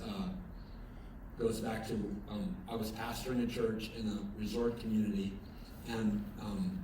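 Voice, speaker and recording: A man giving a chapel sermon as pastor, talking conversationally with many fillers and restarts and growing emphatic as he tells a story, recorded from a distance in a chapel. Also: fairly low pitch. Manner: grows lively and emphatic when telling a story. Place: chapel at an evening service. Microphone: distant from the recording mic. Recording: very echoey chapel from far off, room noise.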